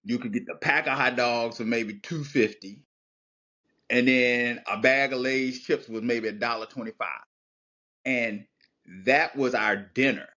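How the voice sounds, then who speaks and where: A man's voice: medium pitch, a little slow, highs cut off. Reflective man telling a family story. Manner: storytelling, reflective, animated when recalling childhood. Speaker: podcast guest. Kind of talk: casual heartfelt conversation.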